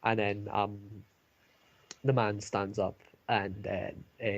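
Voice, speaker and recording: A man running a tabletop game as game master, narrating with many pauses and fillers. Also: lowish voice, level tone, gravelly. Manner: hesitant, many fillers, laughs at own jokes.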